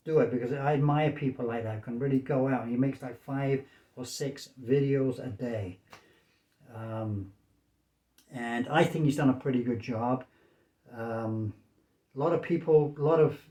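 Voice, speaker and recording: A man in his sixties from the United States rambles through a casual vlog from a small room in his apartment, repeating his points and tacking "okay?" onto his lines. His voice is medium-pitched and mellow, and the room sounds roomy.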